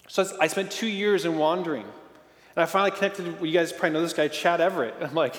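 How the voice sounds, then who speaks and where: A man in his thirties preaching a sermon in a casual, animated way, with lots of fillers and acted-out quotes. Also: high voice, fast. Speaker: pastor. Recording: echoey hall reverb.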